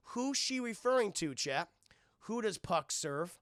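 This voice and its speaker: A man casually recapping a cartoon episode for his stream chat, animated and profane, often breaking into laughter. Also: sits high, a little fast, vocal fry, dry recording, studio quality.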